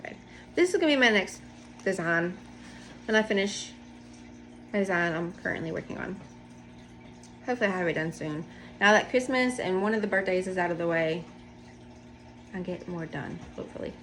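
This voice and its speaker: A woman's voice: on the low side, lively intonation, normal speed, long pauses, a bit bright, a little hiss or hum. A woman hosting a casual knitting video podcast from home, chatting in a rambling, self-deprecating way as she shows her projects. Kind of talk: casual show-and-tell chat. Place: home, indoors.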